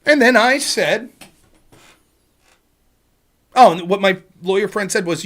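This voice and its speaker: A man's voice: high voice, animated, slow, long pauses, fairly bright tone. A man hosting a livestream, ranting in a sarcastic, profane way. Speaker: streamer host.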